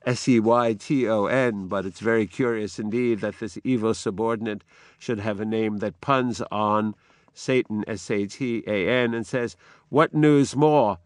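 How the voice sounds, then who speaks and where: A man giving a lecture on drama, explaining the text in a measured way between quotations. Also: on the low side, fairly even intonation, no room sound. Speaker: literature lecturer.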